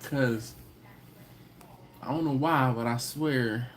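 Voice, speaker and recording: Casual live-stream host, a man, mid-pitched voice, storytelling and laughing, faint hum in the room. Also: takes it slowly. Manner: storytelling, laughs often, acts out quoted people in a higher voice.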